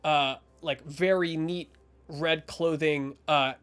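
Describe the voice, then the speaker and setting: A man's voice: on the high side, steady tone, slow, a bit bright, clear, resonant tone. A man narrating as game master in a rambling way, full of fillers and restarts.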